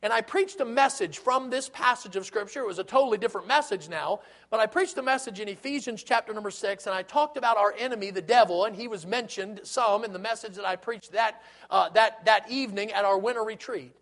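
A man's voice: high voice, a little fast, a bit bright. A man preaching a sermon as a pastor, earnest, with rhetorical questions and repetition.

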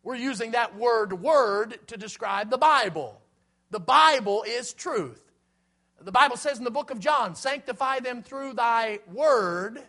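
Guy with a pretty high voice preaching, earnest, keeps repeating himself, slows way down on bible verses. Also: expressive, pushed and bright. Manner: earnest, repetitive exhortation, slows right down on scripture quotes. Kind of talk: evening sermon.

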